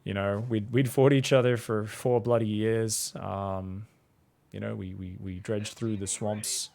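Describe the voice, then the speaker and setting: A man's voice: on the low side, fairly even intonation, measured pace, creaky, darkish tone. A man, casually commentating a strategy game and chatting with viewers in a rambling, laid-back way. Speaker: StarCraft coach and streamer.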